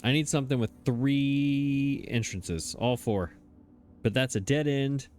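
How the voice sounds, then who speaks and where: A man's voice: mid-range voice, takes it slowly, darkish tone. A man hosting a let's play, talking casually into his desk microphone as he thinks aloud, hesitating and chuckling at himself. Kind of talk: casual gameplay commentary.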